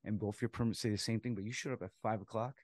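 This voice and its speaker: Animated man telling an umpire story. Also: lowish voice, fast, no echo. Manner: animated storyteller, laughs while acting out quotes. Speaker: softball umpire and podcast co-host. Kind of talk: casual storytelling chat.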